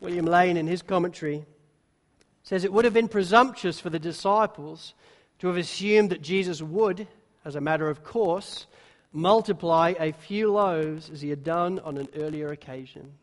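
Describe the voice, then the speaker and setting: A man preaching a sermon, now and then acting out the disciples' words in quick little voices. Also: sits high. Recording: long hall reverb.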